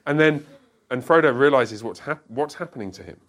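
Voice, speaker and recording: A man teaching an interactive Bible study, asking the group questions and explaining with quick asides. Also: medium pitch, a bit bright, a little hiss or hum.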